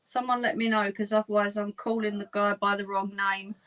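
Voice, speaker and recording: A woman with a Cockney accent hosts a casual live sewing chat, laughing often and chatting with her viewers as she works. Her voice is mid-range and a bit bright, and the recording quality is low.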